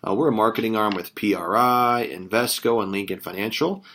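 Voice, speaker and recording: A man training a new recruit in a sales phone script, energetic and full of praise. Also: lowish voice, a little fast.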